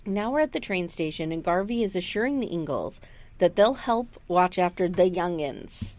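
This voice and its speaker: Woman rambling through a tv recap, pitch jumps all over, swears a lot. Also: moderate pace. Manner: animated storyteller, acts out quotes, swears freely. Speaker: podcast co-host recapping a TV episode. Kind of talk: casual chat.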